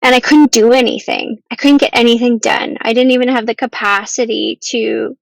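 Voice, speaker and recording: Woman guest, earnest, halting, fairly high voice, gravelly, dry close sound. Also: steady tone, no echo, low-quality recording. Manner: earnest, halting, with restarts and ums. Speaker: podcast guest. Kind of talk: emotional personal story.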